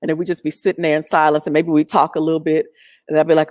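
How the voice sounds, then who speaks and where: A middle-aged woman telling a personal story in an animated, chatty way with lots of fillers. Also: low voice, rapid-fire, dry recording, studio quality.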